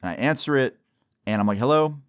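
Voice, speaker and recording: A young man telling a storytime vlog in a loose, slangy way, dropping plenty of fillers. His voice is mid-pitched and sounds dry and close to the mic. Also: expressive, a little fast, no echo. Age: young adult. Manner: casual, slangy, lots of "bro" and "like". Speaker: vlogger. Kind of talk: casual storytime monologue.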